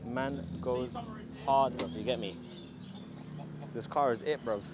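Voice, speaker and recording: A man's voice: medium pitch, steady tone, takes it slowly. Hyped man vlogging at a car meet. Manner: hyped, slang-heavy street talk. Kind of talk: casual walkaround vlog. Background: faint outdoor noise.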